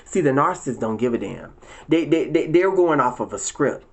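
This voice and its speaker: A man in a casual vlog, ranting to his viewers in a profane, preachy and emphatic way, often repeating words and jumping into high, shrill exclamations. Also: expressive, moderate pace, creaky. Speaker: vlogger.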